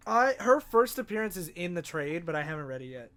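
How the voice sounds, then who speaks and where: Easygoing high-pitched male co-host. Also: very animated, a little fast, bright, forceful tone. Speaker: podcast co-host. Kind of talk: casual chat.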